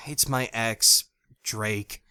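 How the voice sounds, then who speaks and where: A male audiobook narrator voicing a fierce, blunt young woman with a hot temper who gives sharp, curt retorts. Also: fairly low pitch, drawn-out words, clear, resonant tone, no echo, full character voice. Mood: wry. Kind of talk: audiobook character voice.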